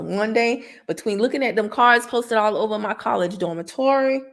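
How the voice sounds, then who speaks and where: A woman's voice: mid-range voice, a bit bright. A woman with a Southern American accent, a credit tips host talking casually and preachily as she answers a viewer, laughing as she goes. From Southern United States.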